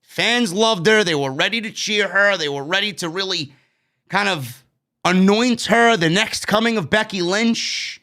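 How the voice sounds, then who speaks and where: A high-pitched, pushed and bright voice carries this New Yorker's wrestling show review at a measured pace. He keeps it casual and blunt, swearing plenty and venting exasperation at what he dislikes.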